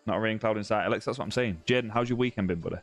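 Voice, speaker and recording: With faint music behind him, a man from southern England races through a live fishing-game stream at home in a fairly low voice. Chatty and teasing, he peppers his talk with "mate" and "bro" and restarts sentences.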